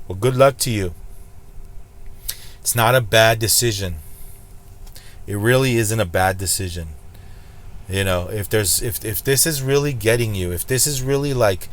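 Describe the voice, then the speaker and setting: A man's voice: lowish voice, moderate pace, pauses often. A man hosting a slots channel, talking in a blunt, preachy way and hammering points home by repeating them. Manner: blunt, preachy, emphatic repetition. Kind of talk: casual vlog commentary.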